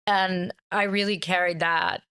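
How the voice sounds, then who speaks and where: Animated, laughing woman telling stories. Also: fairly low pitch, measured pace, clear, resonant tone, dry recording, clean studio sound. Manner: animated storytelling, laughs often, quotes others. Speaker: author guest. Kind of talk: interview conversation.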